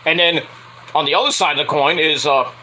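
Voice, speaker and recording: A man's voice: on the high side, a little fast, sharp tone, a little hiss or hum, poor audio. A young man reviewing a wrestling show in a rambling, casual way, laughing often and breaking into squealing impressions. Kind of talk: casual solo review vlog.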